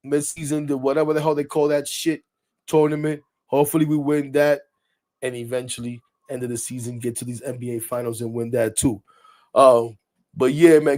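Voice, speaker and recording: A man hosting a live stream in excited casual chat, laughing often, swearing freely and shouting out friends. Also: mid-range voice.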